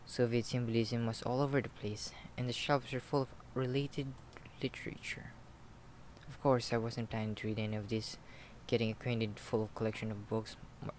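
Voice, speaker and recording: A man's voice: mid-range voice, a little hiss or hum. A man reading a visual novel aloud with running commentary, tripping over words and mocking himself. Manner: self-mocking, trips over words and laughs. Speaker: gaming YouTuber.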